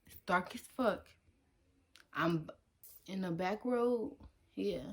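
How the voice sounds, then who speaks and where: A young woman vlogger from Detroit tells a story straight to the camera in relaxed, slangy talk. She is animated and acts out her own lines. Her voice sits at an ordinary middle pitch. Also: takes it slowly, breathy edge.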